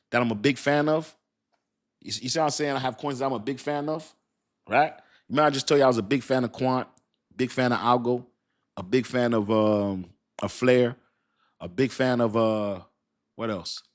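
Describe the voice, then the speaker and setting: Animated man in his fifties, chatty and loose. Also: mid-range voice. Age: 50s. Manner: animated, repetitive, slangy, laughs often. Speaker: crypto livestream host. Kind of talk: casual live-stream talk.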